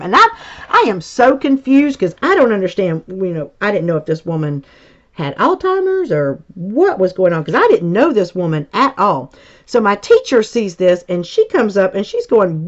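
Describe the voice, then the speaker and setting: A woman's voice: mid-range voice, sing-song, a little slow. Chatty woman telling stories, lo-fi sound. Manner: chatty, rambling, with filler words. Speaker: high school teacher and crafting vlogger. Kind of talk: casual storytelling chat. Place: home crafting space. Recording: dull lo-fi recording.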